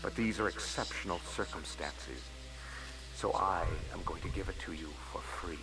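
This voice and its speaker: An actor voicing a polite, scheming male alien financial agent in a video game, speaking in a courteous, formal, flattering way. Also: low-pitched, normal speed, gravelly. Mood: smooth formal. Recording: noisy game audio capture.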